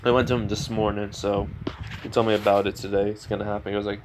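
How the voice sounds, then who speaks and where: A man's voice: lowish voice, level tone, fast, background noise. A man casually retelling a fan story, rambling with lots of fillers.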